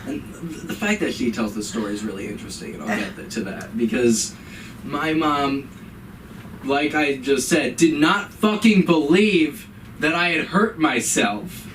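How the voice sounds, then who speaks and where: A man's voice: medium pitch, animated, a little slow, a bit bright, a little hiss or hum. A young man performing stand-up at an open mic, telling a story and acting out his mother's lines in a raised voice. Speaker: stand-up comedian. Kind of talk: stand-up comedy set. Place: comedy club stage. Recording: live open mic, room mic from a distance.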